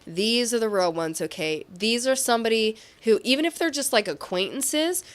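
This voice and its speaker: A woman's voice: fairly high pitch, animated, normal speed. A woman giving a casual tarot reading, bubbly and giggly, full of affirmations. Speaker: tarot reader and medium.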